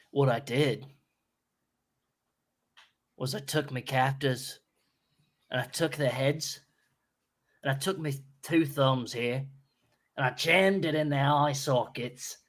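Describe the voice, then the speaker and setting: Guy doing a brash aussie convict, swaggering, boasting, mid-pitched voice. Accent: Australian. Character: brash violent male Australian escaped convict.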